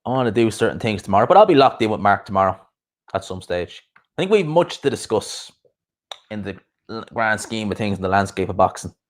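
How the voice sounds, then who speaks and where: Chatty young man, fairly low voice. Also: very animated. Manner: rambling, chatty, quick asides and laughs. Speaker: YouTube boxing streamer. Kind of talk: casual live-stream chat.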